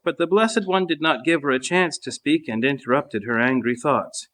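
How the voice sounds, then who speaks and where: Man, reader, saint's life, measured even reading, monastery refectory. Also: a little high. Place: monastery refectory during a meal.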